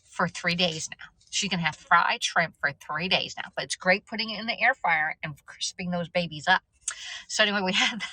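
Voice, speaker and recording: Middle-aged woman hosting a casual live stream, chatty and self-mocking, bright voice, close dry mic. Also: on the low side, normal speed, no echo, rough recording. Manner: chatty, laughs at herself, stumbles over words. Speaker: livestream host.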